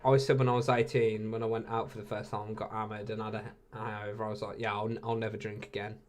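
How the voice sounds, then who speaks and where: A man's voice: on the low side, monotone, fast talker. A man in his late twenties with an English accent, hosting a casual live watch-along and chatting with viewers, laid-back and laughing often. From England. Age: 20s.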